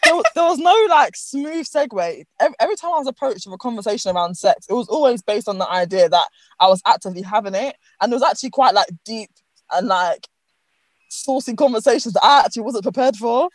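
Lively, chatty young woman. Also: on the high side, no room sound, low-quality recording. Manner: candid, chatty, full of fillers and quick restarts. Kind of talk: casual chat.

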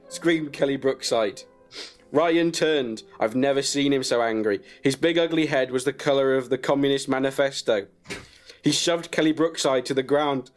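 A man narrating a comic story in a deadpan way, chuckling at his own jokes. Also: mid-range voice, normal speed, soft background music. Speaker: comedian storyteller.

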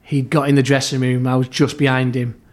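A middle-aged man recounting stories as a podcast guest, his voice sitting at an ordinary pitch. He talks in bursts, restarting phrases as the memories come. He acts out what others said and lowers his voice to a near murmur when the story turns tense. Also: fairly quick. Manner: lively storyteller, acts out quoted lines, frequent restarts. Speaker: podcast guest, former football club therapist. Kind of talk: anecdotal storytelling in an interview.

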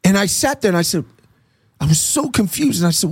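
A man being interviewed who gives an earnest, animated faith testimony and acts out the dialogue in his stories. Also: high voice, brisk, breathy edge, no room sound, studio quality. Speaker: interview guest.

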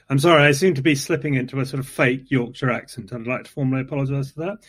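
A man chatting casually as a podcast host, rambling and self-deprecating, with sudden jumps in pitch. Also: steady tone, fast, hardly any pauses, a bit bright. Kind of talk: casual conversation.

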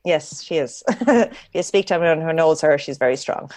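A woman's voice: deep voice, animated, moderate pace, dry recording. A woman with a rural Irish accent, a guest answering interview questions and laughing often as she talks. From Ireland. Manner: warm, laughs often while talking. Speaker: guest, dressage rider. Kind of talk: casual interview chat.

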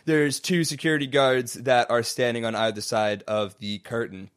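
A man's voice: medium pitch, fairly even intonation, normal speed, fairly bright tone. Rambling male game master. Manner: rambling and hesitant, full of um and like. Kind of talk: narrating a tabletop game.

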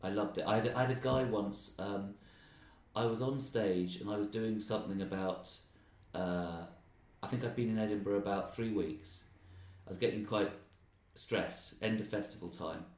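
A man with an English accent, a stand-up comedian telling animated, ranting stories in a casual interview chat. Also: on the low side, moderate pace. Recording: roomy, distant mic.

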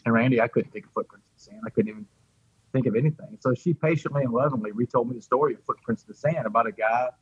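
Fast-talking husky man, earnest. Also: mid-range voice, dry recording, muffled recording. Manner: heartfelt, repeats words, addresses the host by name. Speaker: guest telling his recovery story. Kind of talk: earnest interview storytelling.

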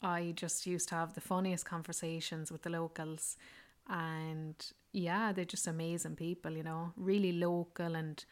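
A woman's voice: fairly low pitch, level tone, moderate pace. A woman telling a rambling, casual travel story, full of "like" and "yeah". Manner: chatty, rambling, fond of fillers like "like" and "yeah". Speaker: travel vlogger.

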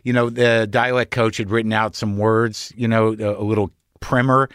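A man's voice: fairly low pitch, level tone, normal speed, a bit bright, clear, resonant tone, dry recording, clean studio sound. A man who hosts a podcast and acts, talking casually in a loose, profane and self-deprecating way. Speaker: podcast host and actor. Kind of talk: casual conversation.

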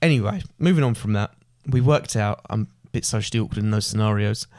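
A man's voice: lowish voice, fast, a little mellow, dry recording, studio quality. Rambling young man, casual chat. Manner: rambling with many fillers. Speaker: podcast co-host.

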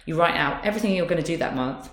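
A candid, chatty woman in her thirties, talking in a low voice. She speaks openly and laughs easily. The sound is roomy and echoing. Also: very fast. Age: 30s. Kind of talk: casual chat. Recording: roomy echo.

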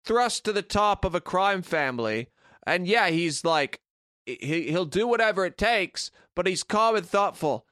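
A man with a high-pitched voice chats casually on a podcast, blunt and opinionated, swearing freely. His voice is recorded dry and close, with no room sound. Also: expressive, a little slow, fairly bright tone, no echo. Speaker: podcast co-host. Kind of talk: casual chat.

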